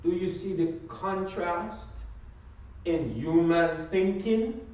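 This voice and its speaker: Slow, emphatic man teaching in an echoey room. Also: high-pitched, darkish tone. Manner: prompts the class to finish his sentences. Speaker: Bible class teacher. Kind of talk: Sunday class teaching. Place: church classroom. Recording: echoey room from far off, dull.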